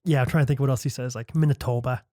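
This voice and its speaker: A man's voice: medium pitch, fairly even intonation, very fast, warm tone, dry recording. A man co-hosting a podcast in casual chat, teasing and joking. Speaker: podcast co-host.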